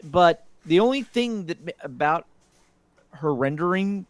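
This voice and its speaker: A man's voice: fairly high pitch, expressive, measured pace, no room sound. A man co-hosting a podcast, chiming in with quizzical, wry remarks about a cartoon. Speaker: podcast co-host. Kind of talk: casual cartoon recap chat.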